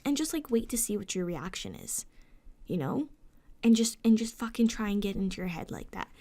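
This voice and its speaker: Young woman, vlog rant, upset and venting, sweary, slips into whispers, mid-pitched voice. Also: expressive, a little fast, mellow. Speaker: vlogger. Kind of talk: emotional storytime rant.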